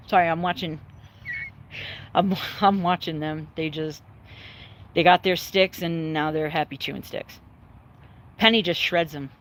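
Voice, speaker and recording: Woman vlogger, casual and rambling, swears a lot, emotional but steady, faint background hiss. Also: low voice. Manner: rambling, candid, swears freely; emotional but calm, choked up at times. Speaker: livestreaming vlogger. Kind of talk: casual chat to viewers. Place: at home, dogs in the yard nearby.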